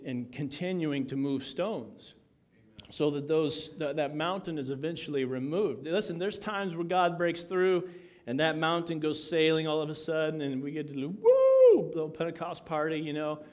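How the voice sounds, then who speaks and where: A man's voice: a little high, steady tone, moderate pace. A man, a pastor, preaching a conversational sermon with jokes and frequent asides. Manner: conversational, joking, many asides.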